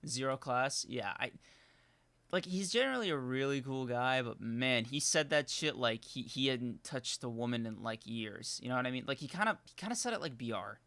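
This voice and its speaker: Young guy podcast cohost, bright punchy voice, rambly stories, dry mic. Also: medium pitch, normal speed, dry recording. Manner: rambling, animated storytelling with many fillers. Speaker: podcast co-host. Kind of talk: casual live-stream chat.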